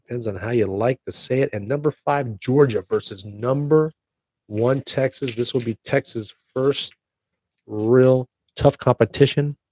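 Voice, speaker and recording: A man's voice: mid-range voice, measured pace, mellow. A middle-aged man hosting his own podcast, chatty and upbeat with jokey asides. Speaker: podcast host. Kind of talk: casual solo podcast chat.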